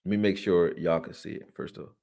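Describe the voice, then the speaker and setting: A man's voice: low voice, steady tone, fairly quick, vocal fry, a little mellow. A man hosting a live sports channel, talking casually through game film with slang, fillers and restarts, and he is tired. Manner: loose and chatty, slangy, many fillers and restarts. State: tired, yawning.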